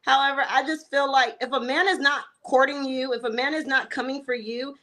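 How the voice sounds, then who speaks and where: A woman with a high, bright, ringing voice, speaking as a talk-show guest. She is blunt and emphatic, laying down her views firmly and acting out little quoted exchanges. It is relaxed talk-show chat. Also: brisk.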